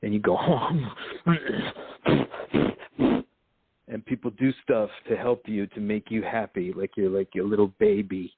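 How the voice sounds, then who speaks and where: A man's voice: lowish voice, fairly even intonation, normal speed, hardly any pauses, breathy edge, no room sound. Profane, preachy man on a lo-fi line. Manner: profane, laughs often, preachy. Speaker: podcast host. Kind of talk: rambling monologue. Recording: phone-like lo-fi sound, dry.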